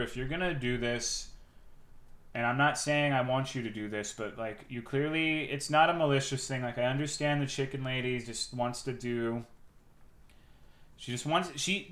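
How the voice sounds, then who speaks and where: A young man in the middle of his own range tells a story on his stream, swearing freely. He keeps it casual and chatty, then bursts into loud, heated rants. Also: mid-range voice. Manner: animated, profane storytelling with sudden loud outbursts.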